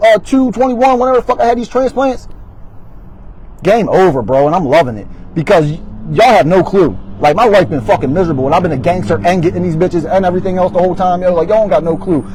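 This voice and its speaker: A man's voice: sits high, quick pace, darkish tone, slight background noise, rough recording. Blunt, profane man. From Baltimore, Maryland. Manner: blunt, heavily profane, emphatic street talk. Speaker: interview guest. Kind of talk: candid storytelling interview.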